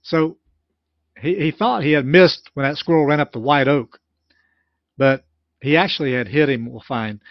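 Man, slightly high voice, plain explanatory commentator retelling a story, restarts often; dry, lo-fi recording. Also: normal speed, pauses often, dry recording.

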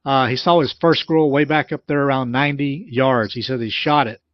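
A man with a steady, mid-range voice talks fairly quickly, commenting on a recorded sermon. He explains and retells the preacher's story in plain language, restarting often, and the recording is dry and muffled.

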